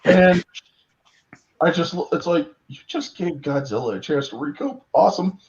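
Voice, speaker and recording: A man in his thirties recounting a monster movie in casual chat, excitable and profane, acting out characters in voices. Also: a little high, normal speed. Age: 30s. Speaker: podcast panelist. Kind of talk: casual film discussion. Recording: dull lo-fi audio.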